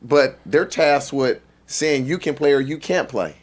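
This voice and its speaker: A man who played pro sports, speaking in a measured, thoughtful way on a talk panel. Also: mid-range voice.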